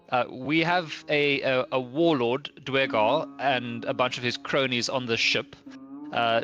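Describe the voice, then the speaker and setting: A man's voice: mid-range voice, sharp tone. A man playing a tabletop game, speaking in character hesitantly, stammering, with polite formal phrasing. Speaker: player. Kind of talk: casual in-character play.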